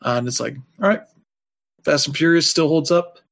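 A man's voice: fairly high pitch, normal speed, vocal fry, fairly bright tone. A man chatting casually as a podcast co-host, rambling loosely with lots of fillers and dropping wry, offhand asides. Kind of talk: casual chat.

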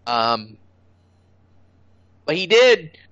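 Opinionated man ranting about comics, bright voice. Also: a little high, sing-song, drawn-out words, no echo. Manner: blunt, opinionated, swears, laughs at his own jokes. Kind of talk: casual chat. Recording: dull lo-fi sound.

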